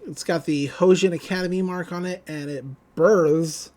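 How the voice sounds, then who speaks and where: Podcast co-host, male, higher voice, chatty recapper who quotes characters loosely. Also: steady tone, moderate pace, a little mellow. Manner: retells scenes, quoting characters in loose paraphrase. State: just woke up. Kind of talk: casual anime recap chat.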